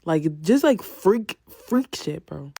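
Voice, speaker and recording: A young woman telling a casual storytime, soft and hesitant, full of "like" fillers. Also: fairly low pitch, big pitch swings, slow pace, gravelly, slightly rough, no room sound, clean studio sound.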